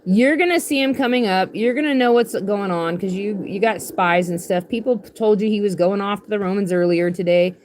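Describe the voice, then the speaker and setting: A woman's voice: mid-range voice, brisk, hardly any pauses, a little mellow, slight background noise. A woman streaming live from a tent, rambling irreverently in a casual, swearing comic chat. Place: in a tent, sitting on her bed.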